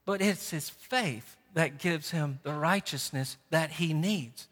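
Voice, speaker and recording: Middle-aged male pastor, sermon delivery, high bright voice, animated and conversational, long church-hall reverb. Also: takes it slowly, few pauses. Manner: animated, conversational preaching with repeated words.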